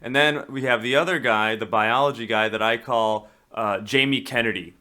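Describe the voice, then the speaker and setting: A man's voice: medium pitch, normal speed, pushed and bright. A man co-hosting a podcast, joking in a laid-back way about a film. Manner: jokey, laid-back, playful. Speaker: podcast co-host. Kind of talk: casual film discussion.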